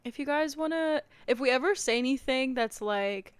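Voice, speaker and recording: A woman with a Midwestern American accent co-hosting a podcast, chatting in a relaxed, easygoing way. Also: sits high, normal speed, smooth, no echo. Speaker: podcast co-host. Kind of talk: casual chat.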